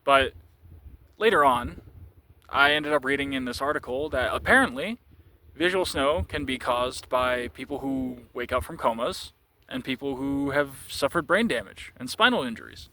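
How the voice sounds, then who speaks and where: A man telling a personal story in a casual way, halting and repeating words, with frequent chuckles. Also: mid-range voice, animated, pushed and bright, slight background noise.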